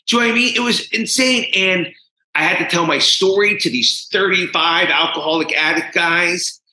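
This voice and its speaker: A man from New Jersey tells his story to a host, animated and emphatic, swinging between hushed asides and loud bursts. His voice is fairly high and very bright. The sound is roomy, with clear echo. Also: normal speed, a little hiss or hum. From New Jersey, USA. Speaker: podcast guest. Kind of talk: casual storytelling.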